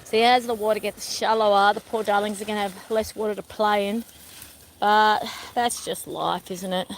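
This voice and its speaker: A woman's voice: medium pitch, fairly even intonation, moderate pace, a little hiss or hum, low-quality recording. A middle-aged woman vlogging casually while walking her dogs outdoors, chatting to her viewers and turning to talk to the dogs now and then. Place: outdoors on a walk by water. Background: birds and dogs.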